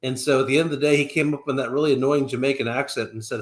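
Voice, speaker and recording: A middle-aged man co-hosting a live stream, telling animated anecdotes in a casual chat. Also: mid-range voice, quick pace. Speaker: co-host of a real estate live stream.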